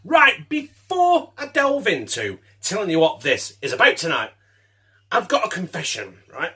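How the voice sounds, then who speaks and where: A man's voice: a little high, sharp tone, husky. A man hosting a casual home cooking show, chatty, laughing and swearing as he works in his kitchen.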